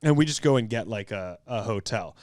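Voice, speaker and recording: A man hosting a podcast, telling a story in a casual, animated way and acting out the quotes. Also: brisk, no echo, studio quality. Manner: animated, acts out quotes with big pitch jumps. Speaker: podcast host.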